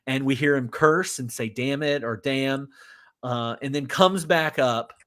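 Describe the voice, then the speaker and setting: A man in casual conversation, retelling a film's scenes with lively energy. He slips into the characters' lines as he tells the story, and his voice rises and falls a lot. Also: mid-range voice, moderate pace. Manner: animated, acts out quotes from scenes. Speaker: podcast co-host. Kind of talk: casual movie discussion.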